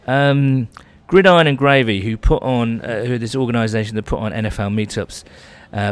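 A man hosting a casual podcast chat, reading out listener tweets with wry asides. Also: medium pitch. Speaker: podcast host.

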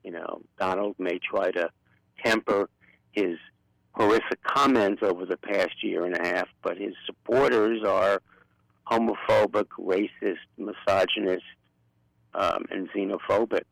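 Deep and gravelly yet fairly bright in tone, this older Brooklyn-accented man talks unhurriedly and steadily as a fired-up guest on a radio interview. He's a political activist from Brooklyn, New York, outspoken and passionate. The audio is dry but rough.

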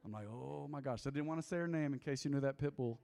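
A middle-aged man preaching as a pastor, telling a confessional story with jokes, then leading an altar call, his voice swinging from loud to hushed. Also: mid-range voice, fast talker, gravelly. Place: church sanctuary. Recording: long hall reverb.

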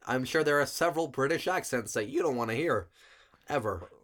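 A man's voice: medium pitch, animated, fairly quick, a bit bright. A man co-hosting a comedy podcast, playing the dry straight man in casual chat. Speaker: podcast co-host.

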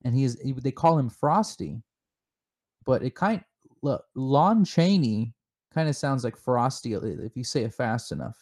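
A man co-hosting a comedic chat show, spinning deadpan, mock-serious theories with lots of halting restarts. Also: medium pitch. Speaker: podcast co-host.

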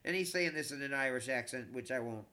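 A middle-aged man, a comedian, telling a long story in a casual, animated, profane way, with frequent stammered restarts. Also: mid-range voice, fast talker, over a noisy crowd.

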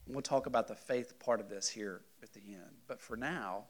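A man teaching a Bible study class in a conversational, animated way, often checking in with the group and rising loud for emphasis. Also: fairly low pitch, normal speed.

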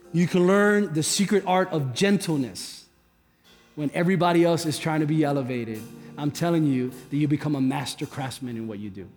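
Higher-pitched male guest pastor preaching. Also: darkish tone. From Cuba. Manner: conversational, joking asides. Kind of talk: sermon. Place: church hall. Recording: long hall reverb with faint music.

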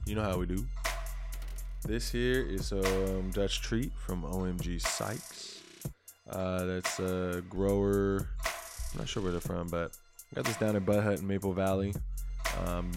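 A stoned man hosting a casual solo podcast, rambling in a laid-back, profane way, with a beat playing underneath. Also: deep voice. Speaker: podcast host.

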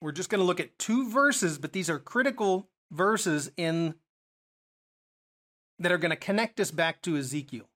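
A man's voice: high voice, expressive, normal speed, a bit bright. Man teaching a Bible study. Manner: explanatory, asks rhetorical questions.

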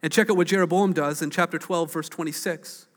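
Male pastor, lively storyteller, higher voice, long hall reverb. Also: a little fast. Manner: animated storytelling preacher, acts out quotes. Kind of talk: sermon.

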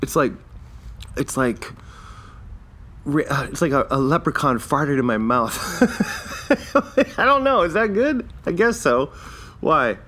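A man's voice: a little high, animated, unhurried, bright, forceful tone. A man in his fifties from Canada, hosting a casual solo podcast and rambling through his life in a loose, self-deprecating way. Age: 50s. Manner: rambling, self-deprecating, chuckles at own jokes. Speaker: podcast host.

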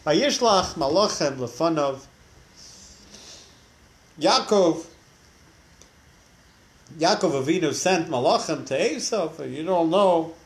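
A man teaches a religious class, telling stories with a voice on the higher side. He is animated and acts out the characters. He restarts sentences often as he goes. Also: takes it slowly, pauses often. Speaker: Torah teacher.

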